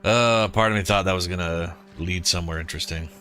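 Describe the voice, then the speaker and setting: A man giving casual gameplay commentary, excitable and talking back at the game. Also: low-pitched, fast talker, faint music behind. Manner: excitable, talks to the game, swears. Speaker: gaming streamer.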